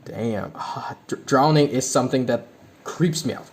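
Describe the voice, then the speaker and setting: A young adult man casually reading card text aloud while opening card packs, breaking into excitable reactions. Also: mid-range voice, measured pace.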